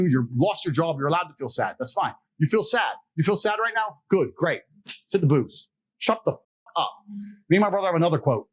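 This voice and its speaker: A man telling stories as a podcast interview guest, blunt, profane and boastful, laughing as he goes. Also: sits high. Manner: animated, laughs mid-story. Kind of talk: casual storytelling in a podcast interview.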